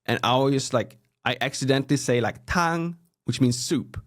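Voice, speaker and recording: A man from Sweden with a Swedish accent, in his thirties, chatting casually as a guest and acting out people's reactions with big jumps in his voice. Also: brisk. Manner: animated storytelling, acts out quoted reactions with big pitch jumps. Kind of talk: casual interview chat.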